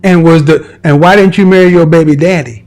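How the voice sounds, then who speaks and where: Man hosting a call-in show, blunt, interrogating, high voice, faint guitar music behind. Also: steady tone, brisk, darkish tone, low-quality recording.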